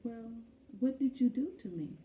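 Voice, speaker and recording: A woman voicing a calm, patient woman nurse who soothes a frightened patient. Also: a little high, normal speed, narrow, tinny audio, a little hiss or hum, voice pushed up, close to an everyday voice. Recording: echoey room, from far off.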